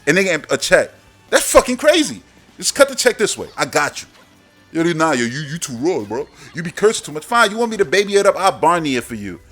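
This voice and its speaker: A man's voice: fairly high pitch, fairly quick, soft background music. Brash, profane man ranting about games. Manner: brash, profane, boastful, animated. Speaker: gaming channel host. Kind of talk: casual ranting monologue.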